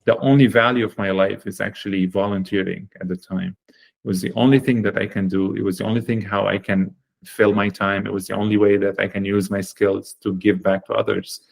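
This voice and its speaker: A man with a fairly low voice tells his story as a podcast guest. He talks in an earnest, animated way and leans on fillers while he gathers his thoughts. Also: brisk, creaky. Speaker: guest, chocolate company founder.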